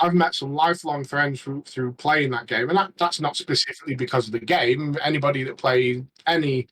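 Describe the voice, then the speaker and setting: A man chatting casually as a regular on a podcast, rambling and halting with many restarts. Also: medium pitch, a bit bright, rough recording. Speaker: regular panelist.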